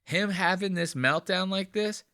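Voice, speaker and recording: Giddy, bright-voiced male podcast host. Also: high-pitched, a little slow, smooth, no echo, studio quality. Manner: giddy, laughing at the clips, loose and rambling. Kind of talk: casual commentary on clips.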